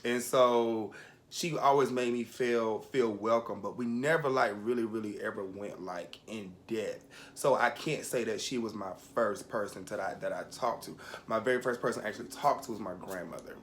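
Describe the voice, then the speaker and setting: A man's voice: fairly low pitch, normal speed, slight background noise. A young man telling a personal story in casual chat, candid and rambling, fighting back tears at moments.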